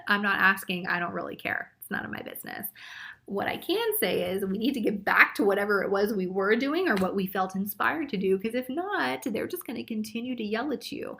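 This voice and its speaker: A woman's voice: a little high, vocal fry, pushed and bright. A woman doing a live group psychic reading, blunt and chatty, swearing and laughing often. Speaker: psychic reader.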